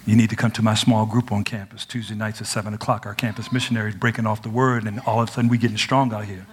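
A young man preaching an energetic sermon, animated and playful, swinging from loud cries to quiet asides. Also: lowish voice, rapid-fire. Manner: conversational and playful, acts out quotes.

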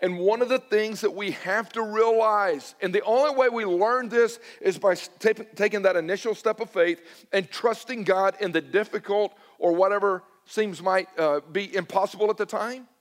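A man's voice: sits high, moderate pace, few pauses. A middle-aged man preaching a sermon as a pastor, telling stories in a conversational, self-deprecating way and acting out his own past dialogue.

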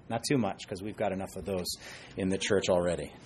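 Middle-aged man, husky pastor, animated sermon with soft asides. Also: low voice, a little fast. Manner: animated, dips to soft asides, acts out quoted voices.

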